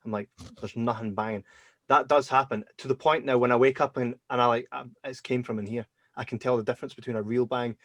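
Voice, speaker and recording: A man hosting a podcast, telling personal stories in a casual, animated way and acting out his own reactions. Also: mid-range voice, fast talker, no room sound. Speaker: podcast host. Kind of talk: casual storytelling chat.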